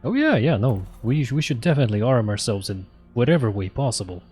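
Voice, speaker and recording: A man gives wry, joking commentary while he plays a video game live on stream. His voice is husky and sits in a middle pitch, with faint game music behind it. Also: very animated, fast, a little mellow.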